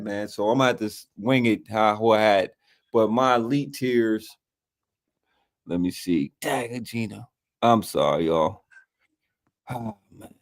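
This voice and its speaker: Folksy man, lower voice. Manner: folksy, says "man" and "y'all" constantly. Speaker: co-host. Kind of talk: casual sports picks chat.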